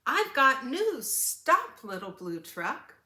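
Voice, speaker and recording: A woman voicing an excited, squawking hen in a storybook read-aloud. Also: slow pace, reverberant, heavily acted. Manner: squawky, urgent, very high. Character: clucking excited hen, female.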